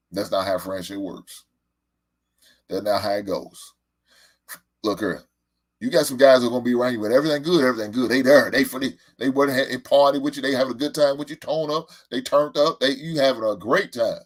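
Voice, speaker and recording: A man hosting a casual talk show. He talks in a loose, emphatic and profane way, at a middle pitch for a man. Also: fairly even intonation, moderate pace, pauses often. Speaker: show host.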